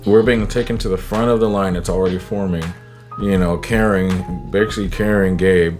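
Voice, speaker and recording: Deep-voiced man telling a story over guitar. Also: normal speed. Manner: animated, acts out the people he quotes. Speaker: YouTuber telling a personal story. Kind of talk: casual storytelling. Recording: guitar music under the voice. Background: guitar music.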